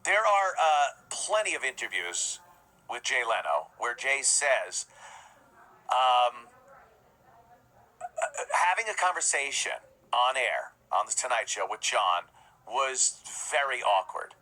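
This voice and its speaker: Podcast host, male, higher pitched than most, sharp and tense tone, scornful profane rant. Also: rough recording. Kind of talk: ranting commentary.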